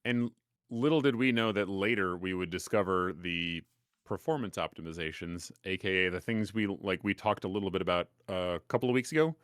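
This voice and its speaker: A man's voice: low voice, a little fast, clean tone, dry recording, studio quality. A man co-hosting a podcast, chatting casually, rambling and self-deprecating with lots of fillers and restarts. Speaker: podcast co-host. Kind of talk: casual chat.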